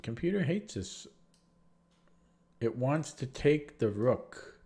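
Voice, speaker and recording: A man's voice: medium pitch, sing-song, slow, gravelly, dark tone. Rambling man with a sore throat. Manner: rambling, restarts sentences, retells anecdotes with quoted voices. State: sore throat, feeling sick. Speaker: chess streamer reviewing his games. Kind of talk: casual livestream game recap.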